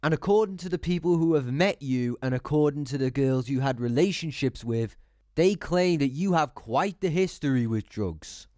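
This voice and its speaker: A man's voice: fairly high pitch, moderate pace, darkish tone, no echo, studio quality. A man giving blunt, sarcastic commentary, swearing freely as he talks. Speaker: YouTube commentator. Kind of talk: opinionated commentary.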